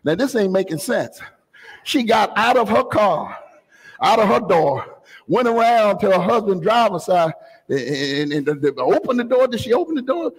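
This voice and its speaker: A pastor preaching a fervent sermon, often rising to a shout and dropping into joking asides. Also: male voice, high voice, very animated, moderate pace, husky, big-room sound, rough recording. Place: church sanctuary.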